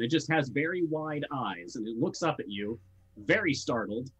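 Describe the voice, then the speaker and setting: A man's voice: mid-range voice, animated, moderate pace, fairly bright tone, husky. A man narrating as game master in a casual tabletop session, describing scenes loosely with fillers.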